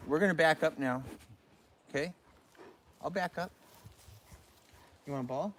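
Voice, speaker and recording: A man's voice: a little high, measured pace, pauses often, fairly bright tone. A man hosting a livestream from his yard, joking and chatting playfully with viewers. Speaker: livestream host. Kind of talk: casual live chat to viewers.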